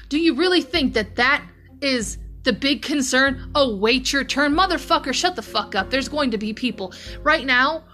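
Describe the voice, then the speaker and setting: A woman with a fairly high, bright, sharp voice hosts a news commentary podcast. She reads the stories aloud and then launches into heated rants full of swearing. Faint music sits low underneath her. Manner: profane, heated ranting. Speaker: podcast host.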